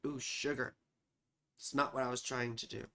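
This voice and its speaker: A hoarse man hosting an astrology livestream, chatting casually with viewers and reading out their comments in a rambling, profane way. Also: medium pitch, little pitch movement, normal speed, bright, forceful tone. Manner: rambling, profane, sings snatches between remarks.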